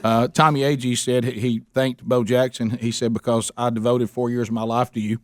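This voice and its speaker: A man's voice: mid-range voice, flat delivery, brisk, dry recording, studio quality. Chuckling man telling stories. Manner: rambling, chuckling anecdotes with quoted voices. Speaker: radio show host. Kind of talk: casual storytelling chat.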